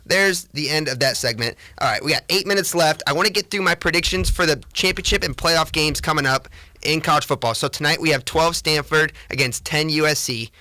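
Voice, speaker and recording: A young man hosting a solo sports podcast in a casual, rambling way, often correcting himself mid-sentence. His voice is bright and forceful and sits a bit high. The sound is dry and close, with no room echo. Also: brisk. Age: young adult. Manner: chatty, rambling, self-correcting; excitable sports opinions. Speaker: podcast host.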